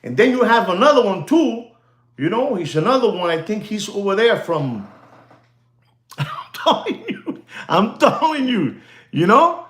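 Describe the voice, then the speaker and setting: A man chats casually to livestream viewers, rambling and repeating himself. His voice sits high and swings widely in pitch. The sound is roomy and echoey. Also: sing-song, normal speed, fairly bright tone. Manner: rambling, repetitive, laughs often. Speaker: watch dealer hosting a livestream.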